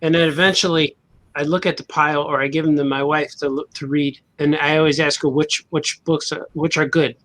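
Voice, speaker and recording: A man with a slightly high voice, chatting easily among friends on a podcast. He speaks relaxed and often trails off quietly at the ends of his phrases. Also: fairly quick, rough recording. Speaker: podcast co-host. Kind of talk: casual chat.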